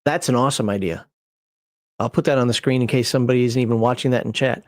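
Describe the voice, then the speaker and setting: A game master and channel host runs a casual livestream, rambling and digressing while chuckling at himself as he builds a character. His mid-range voice is fast, with clean studio sound and no echo.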